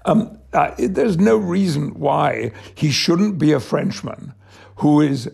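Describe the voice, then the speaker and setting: An older Englishman speaks in a measured, reflective way as a radio interview guest. His voice is deeply gravelly and husky. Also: animated, darkish tone. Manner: measured, thoughtful, reflective storytelling. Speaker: actor guest.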